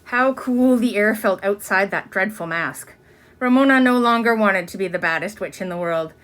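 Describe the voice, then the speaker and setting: Expressive woman reading a children's book. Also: a little high. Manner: expressive, chatty asides. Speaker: reader reading aloud to children. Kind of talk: children's book read-aloud with asides.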